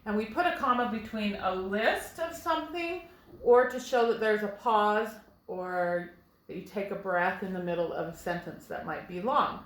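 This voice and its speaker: A woman teaching a phonics lesson to first graders, patient and slow, explaining each step to young children. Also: medium pitch. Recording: echoey room.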